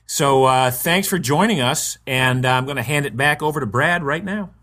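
A man's voice: mid-range voice, expressive, moderate pace, sharp tone. A man interviewing a guest, enthusiastic and repeating words as he starts sentences. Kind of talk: casual interview.

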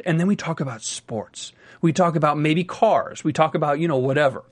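A young man co-hosting a casual reality-TV recap chat, animated and teasing, often restarting his words. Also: a little high. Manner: animated, quick to joke and tease, restarts words. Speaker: podcast co-host.

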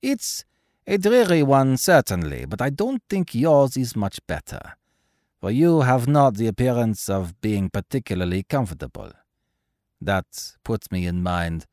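A man voicing a middle-aged male baron, loud, excitable and hearty. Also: fairly low pitch, no echo, studio quality.

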